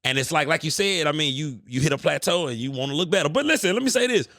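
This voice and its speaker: A man hosting a podcast, telling stories in an animated, profane way. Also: a little high, fast talker, dry recording. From United States. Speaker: podcast host. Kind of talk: casual podcast chat.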